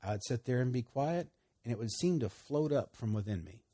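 Middle-aged man, preacher giving testimony, lively sing-song delivery, husky. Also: moderate pace. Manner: animated storytelling, voice leaping higher when excited. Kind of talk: sermon testimony.

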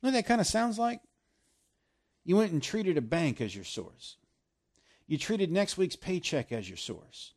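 A man preaching a sermon, swinging from loud emphasis down to hushed, almost whispered lines. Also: high voice, very animated, moderate pace, pauses often.

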